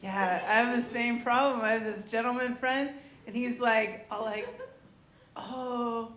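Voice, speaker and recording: A woman's voice: fairly high pitch, steady tone, moderate pace, fairly bright tone. A woman performing a rambling, chatty open mic stand-up set, talking with the crowd between jokes. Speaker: stand-up comedian. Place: comedy club stage. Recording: echoey club room, faint noise.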